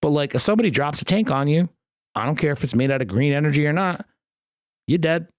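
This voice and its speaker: A man's voice: fairly high pitch, animated, fast, no echo, clean studio sound. A man hosting a podcast on his own, talking in a rambling, jokey way with lots of swearing. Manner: rambling, profane, jokey rants. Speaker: podcast host. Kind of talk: casual solo podcast chat.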